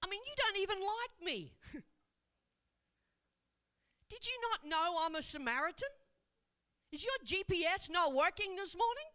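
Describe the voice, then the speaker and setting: A woman's voice: expressive, measured pace, pauses often, bright, forceful tone, exaggerated voice. A woman doing a sassy, incredulous Samaritan woman. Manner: high, mocking, indignant questions. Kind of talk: sermon.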